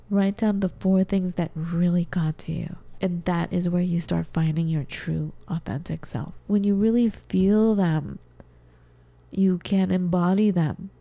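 A middle-aged woman co-hosting a podcast, earnestly walking through a self-affirmation exercise with soft laughs and whispered asides. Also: fairly low pitch, vocal fry. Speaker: podcast co-host. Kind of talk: casual podcast talk, demonstrating an exercise. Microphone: studio microphone.

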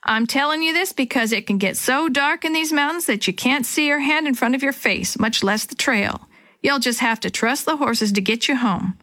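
A woman voicing a kindly, injured old male wrangler in a children's story, calm and reassuring. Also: sits high, moderate pace, no echo, voice pushed up.

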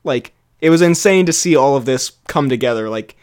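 A man's voice: medium pitch, expressive, fairly quick, darkish tone, clear, resonant tone. A young man co-hosting a casual film review podcast, talking in a rambling way with lots of fillers and restarts. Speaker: podcast co-host.

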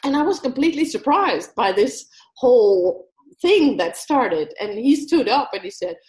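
Animated laughing woman in an echoey room. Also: high voice, normal speed. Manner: animated storyteller, laughs often, mimics accents. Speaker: guest speaker. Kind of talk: casual interview chat.

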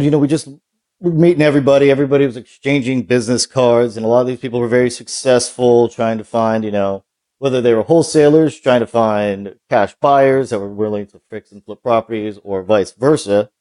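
Relaxed mellow-voiced man from California. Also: mid-range voice. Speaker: guest, business founder. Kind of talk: casual interview chat.

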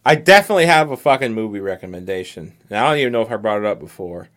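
A young man in casual podcast chat, telling animated, profane stories about TV endings. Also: lowish voice, rapid-fire. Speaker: podcast co-host.

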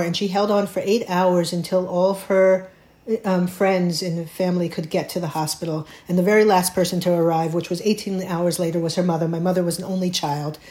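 A middle-aged woman, a playwright, telling a personal story in an interview, thoughtful and halting, with many restarts. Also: on the low side, darkish tone. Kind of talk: reflective conversational storytelling.

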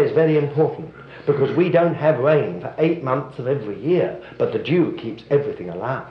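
An older male preacher giving a sermon, telling stories with dry humor. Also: a little high. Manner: lively storytelling with dry humor and chuckles. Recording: roomy, dull, slightly noisy hall recording.

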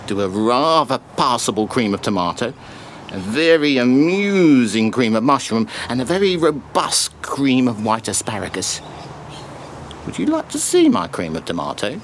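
A man's voice: mid-range voice, very animated, moderate pace, slight background noise, lightly acted. An actor playing an odd, overly friendly man who imitates soups, talking in a smarmy, self-satisfied way and making slurping sounds. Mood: ingratiating.

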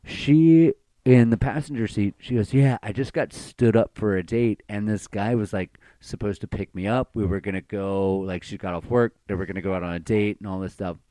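A young man with a low, mellow voice tells rambling, crude bar stories with plenty of filler words. He talks in loose, casual podcast banter from a dry, close recording. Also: normal speed, no room sound. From Baltimore. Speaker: podcast co-host, bartender.

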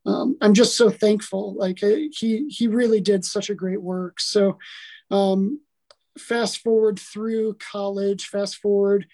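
Earnest, mellow-voiced Midwestern-raised man. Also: sits high, slow pace. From Milwaukee, Wisconsin, USA. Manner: earnest and animated, with frequent restarts. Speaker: podcast guest, author and coach. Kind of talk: casual personal testimony in an interview.

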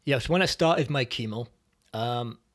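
A man as a podcast guest, speaking reflectively and hesitantly with many pauses as he tells his personal story. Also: medium pitch, a bit bright. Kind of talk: personal testimony in conversation.

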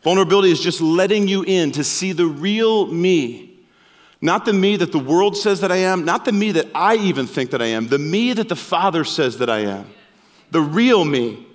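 Earnest male pastor, slightly high voice, emphatic sermon delivery, reverberant hall. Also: expressive. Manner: earnest, emphatic, slows down on key phrases.

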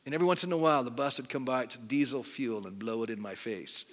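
Speaking fast in a mid-range voice, a middle-aged man preaches a sermon with an altar call from a church sanctuary. He keeps it conversational and frequently puts questions to the congregation, and the recording carries long hall reverb and faint music.

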